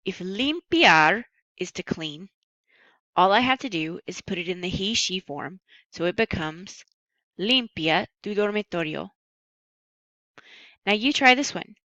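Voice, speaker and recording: A woman with a bright, clear voice walks students through a recorded lesson. She stays patient and upbeat and slows right down on the Spanish words. The sound is dry and close. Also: mid-range voice, expressive, no room sound, muffled recording. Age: adult. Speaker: Spanish teacher.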